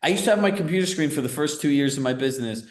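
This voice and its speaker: A man coaching a group live on a video call, talking in a casual, energetic way and often checking in with "right?". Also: a little high, rapid-fire, echoey room. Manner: energetic, conversational, filler-heavy with frequent "right?". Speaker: real estate business coach.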